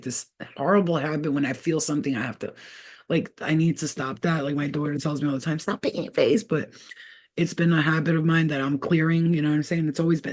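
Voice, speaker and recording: A middle-aged woman giving a casual tarot reading, talking in an expressive, slangy way and laughing often. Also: sits low. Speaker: tarot reader. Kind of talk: casual spiritual reading chat.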